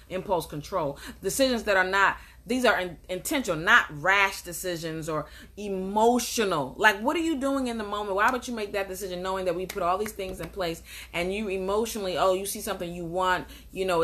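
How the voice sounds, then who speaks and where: A woman's voice: mid-range voice, sharp tone. A woman life coach giving a motivational talk, emphatic and repetitive, asking rhetorical questions and answering them.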